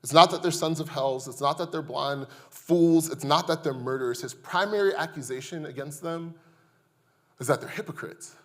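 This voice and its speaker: High-voiced male pastor preaching. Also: moderate pace, few pauses, fairly bright tone. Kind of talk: sermon.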